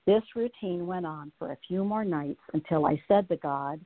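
A woman's voice: on the low side, normal speed. Earnest woman on a tinny phone line. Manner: earnest, heartfelt storyteller. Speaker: guest. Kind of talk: reading her personal story aloud, then chatting.

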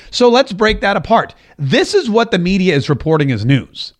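A man hosting a political podcast and radio show, giving emphatic commentary and repeating phrases for stress. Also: a little high. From United States.

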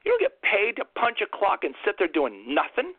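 A man's voice: high voice, huge pitch swings, brisk, slightly rough, no echo. A man hosting an impassioned political monologue, ranting fiercely and firing off rhetorical questions, over a tinny phone-like line. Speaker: host.

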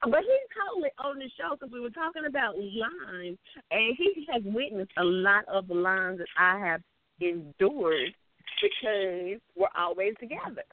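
A woman with a Southern US accent, chatting as a guest on a talk show and telling stories in an animated, drawling way. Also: medium pitch, a little slow. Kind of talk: casual chat. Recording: dry, phone-like sound.

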